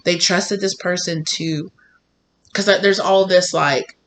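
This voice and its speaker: Young woman rambling through a tarot reading, acts out little scenes, goes hushed and dramatic sometimes. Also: on the low side, steady tone, slow pace. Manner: rambling, acts out imagined dialogue with gasps and hushed asides. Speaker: tarot reader. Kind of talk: casual tarot reading monologue.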